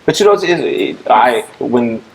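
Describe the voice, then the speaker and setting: A man hosting a casual podcast chat, relaxed and swearing freely. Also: medium pitch, normal speed, vocal fry, rough recording. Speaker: podcast host.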